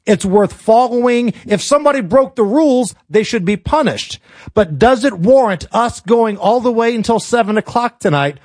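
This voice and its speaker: A man's voice: high voice, no room sound. A male talk radio host ranting about politics in a sarcastic, colloquial, joking way. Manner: sarcastic, colloquial, jokey rants.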